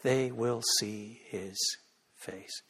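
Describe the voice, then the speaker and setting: Husky man lecturing in a reverberant church. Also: fairly low pitch, drawn-out words. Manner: emphatic, swings from loud peaks to hushed prayer. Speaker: guest lecturer. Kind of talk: sermon-style lecture and prayer. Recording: long reverb of a church hall.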